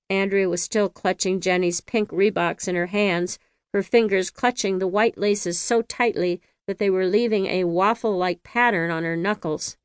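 A woman author narrating her own audiobook in a measured, even storytelling manner. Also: medium pitch, smooth, no echo, studio quality.

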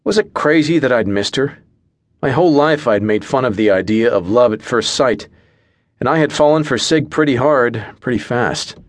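A man's voice: mid-range voice, lively intonation, normal speed, no echo. Dry, wry male audiobook narrator. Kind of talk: first-person audiobook narration.

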